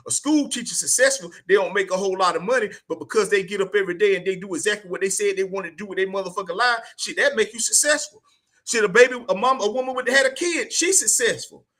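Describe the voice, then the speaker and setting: High, bright-voiced preachy podcast man. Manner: blunt, profane, preachy, repeats "man" constantly. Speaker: podcast host. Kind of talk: casual motivational monologue.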